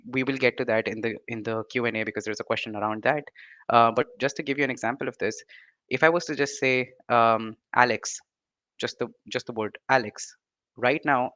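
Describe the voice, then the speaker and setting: Giving an online lecture, this young presenter speaks Indian-accented English in a medium-pitched, slightly bright voice with no room sound. He hesitates a lot, using many fillers and restarts, and regularly checks in with "right?"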